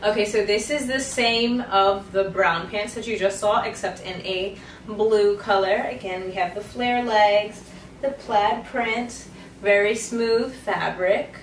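Speaking slowly in a mid-range voice, a young adult woman fashion vlogger chats her way through a try-on haul of clothes. Her tone is playful, with sassy, slangy comments on the side. The audio has a roomy feel, a far-off mic, and faint noise.

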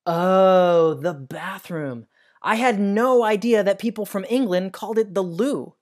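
An American man hosting a science lesson for kids, telling stories in a friendly, animated way. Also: high voice, moderate pace. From United States. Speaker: educational show host.

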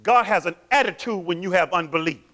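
Man, pastor, sermon, bright forceful tone, call-and-response questions. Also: high voice, a little fast. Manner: animated, quizzes the congregation with call-and-response questions.

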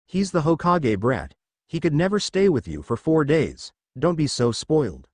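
A man's voice: fairly high pitch, big pitch swings, normal speed, a little mellow, no room sound. A man voicing an ancient male fire dragon who talks like a matter-of-fact mentor. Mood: gruff.

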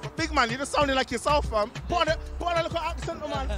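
Brief: excitable male street interviewer, high voice, shouty slang, carnival music behind. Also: fast talker, reverberant. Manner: hyped, shouting slang, repeats himself. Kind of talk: loud street vox-pop hosting. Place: outdoor carnival.

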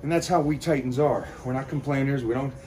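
A man mid-cardio, short of breath, talking straight to his fans in a pumped-up pep talk. His pitch sits in a middling register, and he grabs a breath after every sentence or so. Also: quick pace, music in the background. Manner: pep-talk, addresses viewers directly. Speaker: fitness vlogger. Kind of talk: motivational vlog talk.

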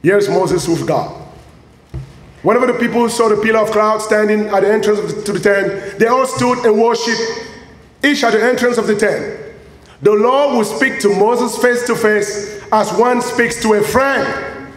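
Male preacher, high voice, animated, echoey church hall, faint background ambience. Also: normal speed, a little hiss or hum. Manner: lively, animated, playful preaching. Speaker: pastor. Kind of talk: sermon. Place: church sanctuary.

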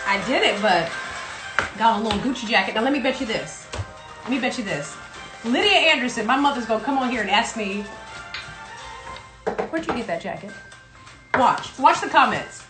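A woman's voice: a little high, roomy sound. A woman from South Carolina with a Southern accent, hosting a playful, chatty livestream show from her home. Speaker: host. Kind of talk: casual livestream chat. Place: home in Brooklyn.

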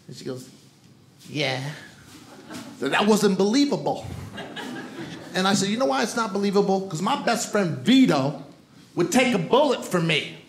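A man with a Brooklyn accent works a comedy club crowd in a fairly high voice, punchy and playful, tossing asides to the audience. The stage sound is roomy, with clear room noise under it. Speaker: stand-up comedian. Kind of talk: stand-up comedy set.

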